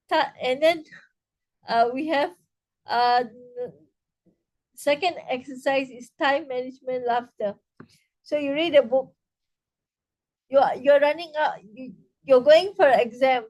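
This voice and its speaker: A woman with a high voice leads an online laughter yoga workshop. She talks slowly, stumbling through restarts and fillers, then breaks into loud rhythmic ha-ha exercises. She is heard over a video call. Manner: hesitant, halting with many restarts and fillers. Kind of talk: online interactive workshop talk.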